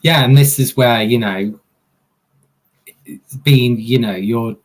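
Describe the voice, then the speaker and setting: A man's voice: mid-range voice, takes it slowly. A man hosting a casual chat, talking hesitantly and searching for his words. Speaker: host. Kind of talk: casual chat about mental health.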